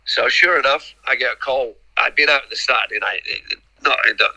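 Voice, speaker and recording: Man, middle-aged, podcast guest, rambling anecdotes, bright forceful tone. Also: medium pitch, fairly quick, gravelly, low-quality recording. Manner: rambling, repeats words, acts out quoted dialogue. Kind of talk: casual anecdotal storytelling.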